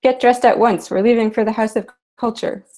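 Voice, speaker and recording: A woman's voice: a little high, steady tone, brisk, a little mellow, voice pushed up, close to an everyday voice. Woman reading a stern, impatient school director. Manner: barking orders. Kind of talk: literary reading.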